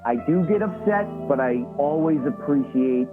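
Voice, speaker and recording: A man's voice: on the high side, expressive, normal speed. A man calling in to a show, ranting and swearing. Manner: ranting, profane. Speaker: caller. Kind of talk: call-in rant. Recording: tinny phone line with faint music. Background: faint music.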